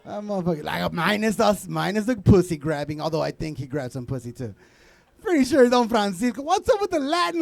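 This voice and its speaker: A young man from Southern California doing a stand-up comedy set with loud, crude crowd work and Spanish asides. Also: high-pitched, very animated, brisk, creaky, dry recording.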